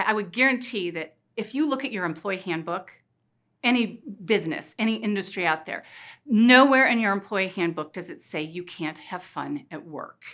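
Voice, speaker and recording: A middle-aged woman giving an energetic motivational talk, playful and full of rhetorical questions. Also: lowish voice. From Missouri. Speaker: keynote speaker. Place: conference stage.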